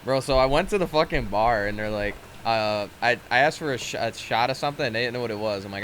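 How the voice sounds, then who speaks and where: A man's voice: medium pitch, quick pace, hardly any pauses, fairly bright tone, slight background noise. A man chatting casually as a podcast co-host, laid-back and swearing freely.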